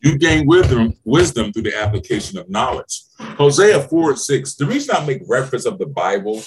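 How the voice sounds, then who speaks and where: A man giving a motivational talk on a podcast, coaching his listeners like a mentor. He is emphatic and preachy, cursing as he goes, and his voice leaps up and down with lots of melody, at a middling pitch. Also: sing-song, brisk, a little hiss or hum. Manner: emphatic, preachy, swears freely, swings to high exclaiming questions. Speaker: podcast host and business mentor.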